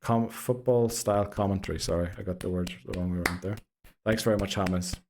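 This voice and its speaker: A man's voice: low-pitched, steady tone, fast talker, background noise. A man casually hosting a game live stream, laughing and greeting viewers by name. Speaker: streamer host.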